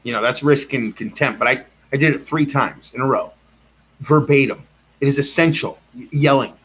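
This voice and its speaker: Insistent rambling man, mid-pitched voice. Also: normal speed, fairly bright tone, slightly rough. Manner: insistent and repetitive, circling back to the same claims. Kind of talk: rambling personal monologue.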